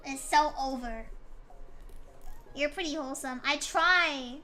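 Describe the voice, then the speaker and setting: A woman's voice: high-pitched, slow, long pauses, sharp tone, slight background noise. A woman streamer chatting casually with her viewers, complaining in a playful, mock-dramatic way.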